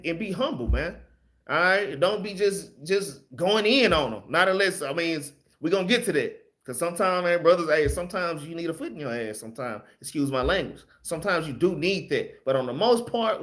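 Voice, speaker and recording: A man's voice: a little high, fairly bright tone. A man teaching a casual Bible study, plain-spoken and loose, often ending his phrases with "man" and letting slip some mild swearing.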